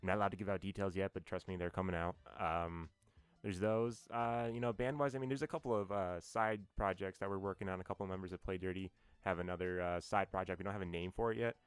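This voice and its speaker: A man with a very low, smooth, resonant voice rambles through band stories, full of ums and restarts. He talks casually as a podcast guest. The sound is dry and close. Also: quick pace, no echo, faint music behind. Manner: rambling storyteller, many fillers. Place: New York.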